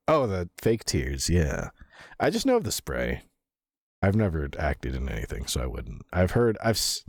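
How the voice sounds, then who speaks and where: A deep-voiced man chats loosely with his stream audience, laughing often and swearing without a second thought. His pitch swings widely as he rambles through restarts and fillers. The sound is close and dry, with no room around it. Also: darkish tone, slightly rough, dry recording. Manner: rambling, with fillers and self-corrections. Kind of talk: casual chat reading viewer messages.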